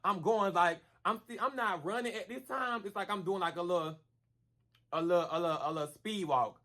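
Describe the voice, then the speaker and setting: Speaking a little fast in a high voice, a male storyteller vlogger recounts events casually and with plenty of slang and animation. Sound effects accompany the punches, and "girl" is his constant name for the listener.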